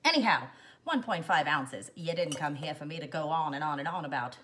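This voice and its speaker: A woman's voice: deep voice, animated, fairly quick, a bit bright, a little hiss or hum. A woman hosting a casual cocktail how-to, chatty and jokey, wandering into playful asides as she mixes. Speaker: home bartender host.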